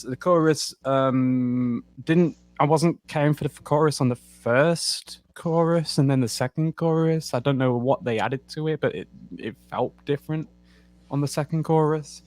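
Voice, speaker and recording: A man's voice: mid-range voice, dry recording. Hesitant man rambling on a podcast panel. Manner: hesitant, rambling, with many fillers and restarts. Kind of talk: casual chat.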